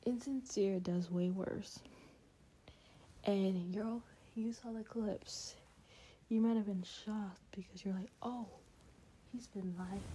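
A woman giving heated, half-whispered commentary late at night in her bedroom, keeping quiet so she won't wake her sleeping dogs. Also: mid-range voice, noisy background. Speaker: vlogger reacting to a reality show.

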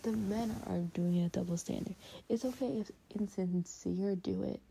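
A woman giving heated, half-whispered commentary late at night in her bedroom, keeping quiet so she won't wake her sleeping dogs. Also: medium pitch, moderate pace, gravelly, slight background noise, poor audio. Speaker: vlogger reacting to a reality show.

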